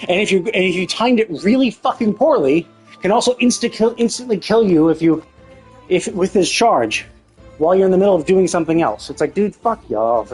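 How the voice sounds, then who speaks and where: A woman's voice: on the low side, expressive, brisk, darkish tone, slightly rough, soft background music. A woman streamer giving live gameplay commentary, swearing often as she rants about the game in exasperation. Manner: profane, exasperated ranting.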